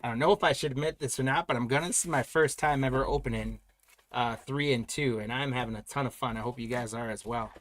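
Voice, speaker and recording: A man's voice: medium pitch, fast talker, fairly bright tone. A man hosting a live trading card break, announcing pulls and congratulating buyers in an upbeat, chatty way.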